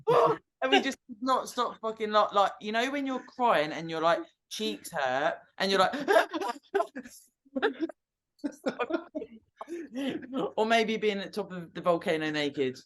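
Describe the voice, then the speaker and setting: A woman's voice: mid-range voice, sing-song, slow, pauses often, a bit bright. A woman hosting a casual group chat, telling stories with lots of swearing and laughter. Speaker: host.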